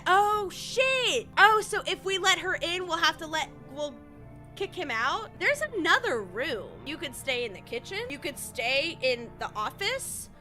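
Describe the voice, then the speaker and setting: A woman giving gameplay commentary as a streamer, animated, swearing and thinking out loud. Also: very high-pitched, a little slow, faint music behind. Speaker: gaming streamer.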